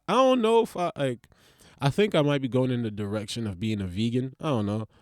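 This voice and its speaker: A man's voice: medium pitch, dry recording. Young guy podcast host rambling on, swears a lot, bounces topic to topic, dry close sound. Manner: loose, profane, jumps between topics with laughs. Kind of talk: casual rambling chat.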